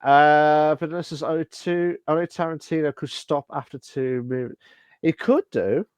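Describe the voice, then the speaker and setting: A man's voice: on the high side, moderate pace, clear, resonant tone, no echo. A man co-hosting a live-streamed podcast, talking casually with many fillers and restarts. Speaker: podcast co-host.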